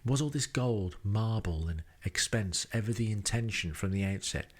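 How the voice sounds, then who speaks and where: With a voice on the low side and lively intonation, the English podcaster speaks at normal speed from a rented home. He narrates his travel diary in a dry, self-deprecating manner, adding wry asides.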